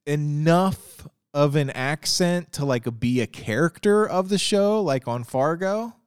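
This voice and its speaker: A man joking his way through a casual podcast conversation about television, animated and playful. His pitch moves around a lot and his voice sounds clear and resonant. The recording is dry and close. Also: slow pace, no echo. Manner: animated, jokey, slips into silly voices. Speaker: podcast co-host. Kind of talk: casual TV discussion.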